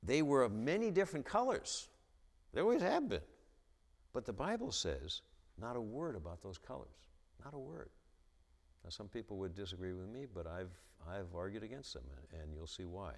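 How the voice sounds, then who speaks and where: Brief: man, stutterer, deep low voice, lecturing in a reverberant church. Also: big pitch swings, normal speed. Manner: stutters, repeats the starts of sentences. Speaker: guest speaker at a church. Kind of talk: lecture-style church talk. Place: church hall with an audience.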